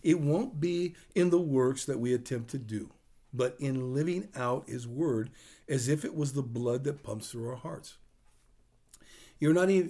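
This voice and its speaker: A man's voice: mid-range voice, warm tone. A man preaching a sermon in a conversational, storytelling way, acting out the dialogue of the people in his stories. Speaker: pastor.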